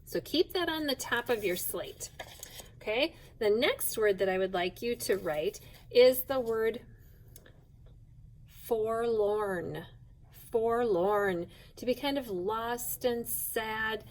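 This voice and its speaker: A woman teaching a phonics lesson to young children, speaking slowly and clearly and spelling out each sound with patience. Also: a little high, lively intonation, poor audio.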